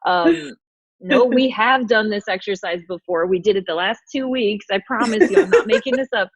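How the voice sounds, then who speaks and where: A woman's voice: mid-range voice, normal speed. A woman hosting a casual chat on a video call, thoughtful and searching for her words. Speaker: host. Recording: dull, lo-fi video call audio.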